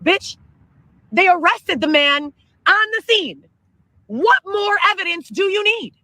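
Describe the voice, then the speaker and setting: Excitable high-voiced woman ranting. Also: no echo, rough recording. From Chicago area, Illinois. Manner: profane, excitable, rapid storytelling. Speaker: livestreamer. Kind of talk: ranting livestream monologue.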